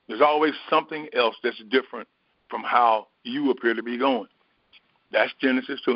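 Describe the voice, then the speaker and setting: Soft-spoken man teaching scripture. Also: medium pitch, dry recording, muffled recording. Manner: slow, reflective, with many pauses and fillers. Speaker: spiritual teacher. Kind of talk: sermon.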